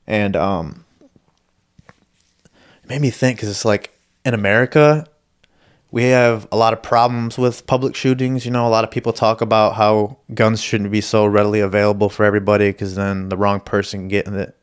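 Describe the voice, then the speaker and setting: A man's voice: lowish voice, steady tone, moderate pace, clean tone. A young man from Michigan hosting a podcast, telling stories in a profane, rambling, self-deprecating way. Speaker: podcast host. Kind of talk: casual storytelling monologue.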